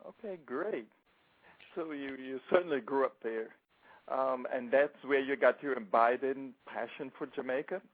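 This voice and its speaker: A man's voice: medium pitch, normal speed. Male radio co-host, friendly, short questions, phone-line sound. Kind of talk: radio interview.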